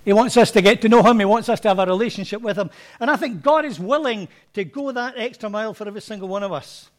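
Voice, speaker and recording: A man's voice: high voice, fast. A man preaching a sermon to his congregation in a chatty, conversational way. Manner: conversational, anecdotal, acts out quotes. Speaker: pastor.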